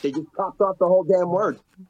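A man co-hosting a casual podcast, talking in animated slang with plenty of swearing and "bro". His voice sits a little high. The recording sounds dull and lo-fi. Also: fast.

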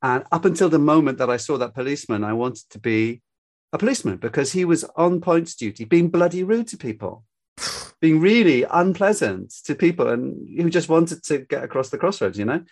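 A man's voice: on the high side, lively intonation, brisk, darkish tone. An older man from Scotland with a light Glaswegian accent, a storyteller guest talking casually in an interview, reflective and drifting into anecdotes. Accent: light Glaswegian Scottish.

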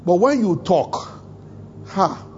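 A man's voice: sits high, expressive, slow, dull audio, slight background noise. A man from Africa, a pastor preaching a sermon at a church service, chuckling often and acting out bits of dialogue. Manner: humorous, chuckling often, acts out quoted dialogue.

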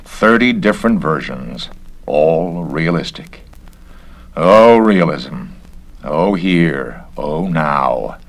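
A man's voice: extremely low pitch, lively intonation, drawn-out words, vocal fry, full character voice. A man reading a story aloud, voicing a bitter, scheming male mansion owner with sardonic, theatrical delivery.

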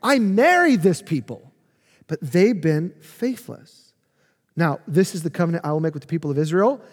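Emphatic high-voiced male pastor preaching. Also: very animated, moderate pace, long reverb tail. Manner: emphatic, swings from loud to hushed. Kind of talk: sermon.

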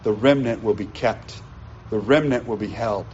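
A man voicing God in a sermon retelling, calm, measured and reassuring. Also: highs cut off, a little hiss or hum, natural voice. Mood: solemn. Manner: soothing, low, measured reassurance.

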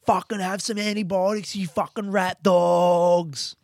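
A man's voice: high voice, level tone, unhurried, vocal fry, no echo, studio quality, voice pushed up. A man voicing tiny blood vessels that hurl crude insults across a gap at bacteria. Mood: taunting. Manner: crude taunting shouts.

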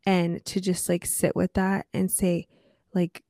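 A young woman co-hosting a faith podcast, reflecting in a warm, affirming way. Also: lowish voice, little pitch movement, takes it slowly, no echo. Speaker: podcast co-host. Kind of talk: casual faith chat.

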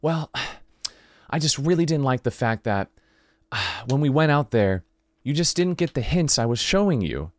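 A man's voice: medium pitch, sing-song, unhurried, no echo, studio quality, voice pushed up. A man voicing an upset romantic partner who sighs and hesitates while explaining hurt feelings. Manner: sighing, hesitant.

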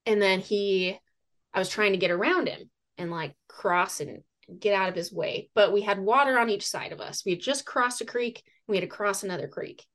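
Woman, animated storyteller, casual podcast guest, laughing, mid-pitched voice. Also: moderate pace. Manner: animated, laughing, lively retelling with acted-out quotes. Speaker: podcast guest, fitness coach and moose hunter.

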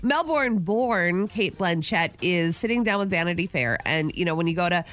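A woman hosting a casual morning radio show, chatty and quick to react, a little under the weather. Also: fairly low pitch, animated, fairly bright tone.

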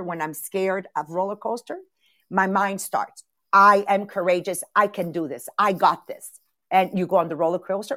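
A middle-aged woman giving a live motivational talk as a coach, energetic and repetitive, calling on listeners by name. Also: a little high, no room sound. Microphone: video call.

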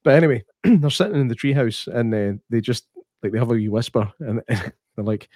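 A man's voice: mid-range voice, a little fast, no room sound, studio quality. Sweary Scottish man telling stories. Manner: sweary, animated storyteller who acts out quotes. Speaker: podcast co-host. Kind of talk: casual chat.

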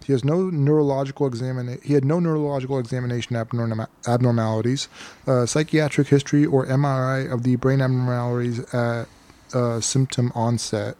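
A man co-hosting a relaxed podcast, reading from case notes and tripping over long medical terms. His pitch sits in the middle range for a man. He slips easily between reading and laughing along with his friends. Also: brisk. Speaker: podcast co-host. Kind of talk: casual chat.

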